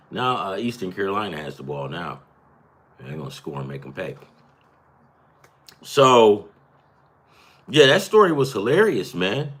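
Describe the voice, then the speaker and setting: A man's voice: low-pitched, breathy edge. A man in his thirties or forties hosting a podcast, telling a rambling work story and reacting to a football game, swearing and laughing as he goes. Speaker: podcast host. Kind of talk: casual storytelling and game commentary.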